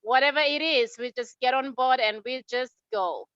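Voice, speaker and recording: Bright high effusive woman. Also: normal speed, clear, resonant tone, no room sound. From Papua New Guinea. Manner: effusive, praising, rallying. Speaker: webinar host. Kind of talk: upbeat online webinar shout-outs. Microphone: video call. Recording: muffled lo-fi video call audio.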